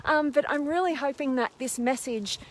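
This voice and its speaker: A woman's voice: high voice, normal speed. A woman hosting a live stream while walking up a steep hill outdoors, out of breath, bubbly and full of fillers as she reads out viewer comments. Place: outdoors in a windy park on a hill. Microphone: phone camera held while walking. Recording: faint outdoor noise.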